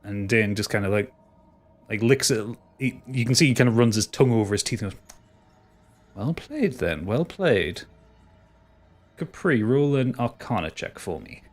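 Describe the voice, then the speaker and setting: A man narrating a tabletop game as game master, casual and halting, with frequent restarts. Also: lowish voice, faint music behind.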